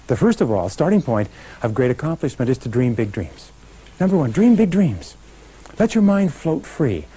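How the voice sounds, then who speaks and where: A man's voice: medium pitch, very animated, moderate pace, mellow, husky, low-quality recording. A middle-aged man giving a motivational seminar talk, speaking emphatically and directly to a live audience. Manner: emphatic, talks straight to a live audience, leads call-and-response chants.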